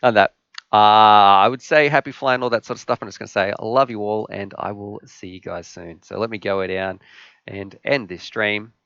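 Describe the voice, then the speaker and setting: A man's voice: lowish voice, steady tone, normal speed, vocal fry, a bit bright, clean tone, no echo. A man hosting a live stream, telling a joke and chatting with viewers in a rambling, jokey way. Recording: slightly dull, dry sound.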